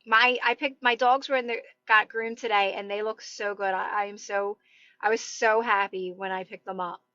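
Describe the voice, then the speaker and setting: A woman's voice: mid-range voice, fairly even intonation, normal speed, bright, forceful tone, no room sound, lo-fi sound. A woman in her thirties with a Delaware County, Philadelphia-area accent, chatting casually on a live stream, rambling and greeting viewers. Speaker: TikTok live host. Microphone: phone.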